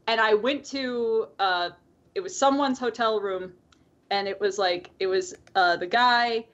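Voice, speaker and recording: A woman's voice: medium pitch, unhurried, fairly bright tone. A woman co-hosting a podcast in casual chat, rambling with lots of fillers and frequent laughs. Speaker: podcast co-host. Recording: dull lo-fi call audio.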